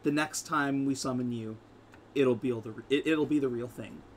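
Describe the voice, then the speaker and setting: A man voicing a malicious male summoner who talks low and grim. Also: moderate pace, a little hiss or hum, lightly acted.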